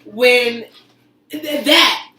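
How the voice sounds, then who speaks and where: A woman with a high, bright voice chats casually with friends in a blunt, profane, animated way. She sits back from the mic in a reverberant room. A faint hum of noise runs underneath. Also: extremely slow, distant mic. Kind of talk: casual group chat.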